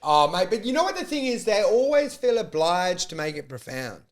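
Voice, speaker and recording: A man co-hosting a comedy podcast, riffing animated, crude bits full of acted-out quotes. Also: sits high, normal speed. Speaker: podcast co-host.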